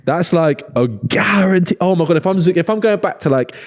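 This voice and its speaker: A man's voice: high-pitched, expressive, normal speed. A man, chatting as a podcast guest, laughing often and acting out lines he quotes. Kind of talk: casual chat.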